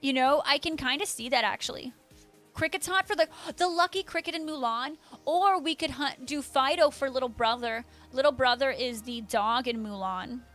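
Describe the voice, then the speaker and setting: A woman's voice: high voice, normal speed, fairly bright tone, faint music behind. A young woman streaming live, chatting casually and bubbly as she reads out her viewers' messages.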